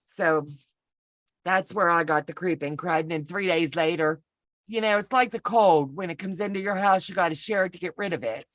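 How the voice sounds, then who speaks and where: A woman's voice: on the low side, normal speed, dry recording. Chatty folksy woman on a video call. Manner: chatty, folksy, self-deprecating storyteller. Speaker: co-host of a sewing pattern walk-through. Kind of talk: casual chat, rambling personal story. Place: home.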